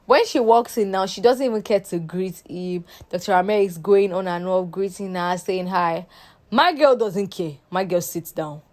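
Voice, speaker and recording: A woman's voice: medium pitch, normal speed, darkish tone. A young woman with a sassy, chatty manner, recapping a reality show for her viewers. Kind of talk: casual recap commentary.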